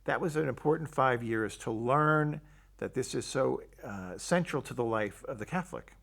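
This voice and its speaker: A man's voice: mid-range voice, lively intonation, moderate pace, vocal fry, a bit bright. Older priest telling his story. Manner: storytelling, acts out quoted dialogue. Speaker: Catholic priest. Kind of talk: personal testimony.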